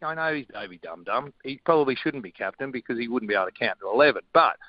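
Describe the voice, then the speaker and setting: Aussie male guest, wry dry humour, mid pitch, dull remote feed. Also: expressive, quick pace, no room sound. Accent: Australian. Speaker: radio guest, breakfast host. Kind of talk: casual radio banter.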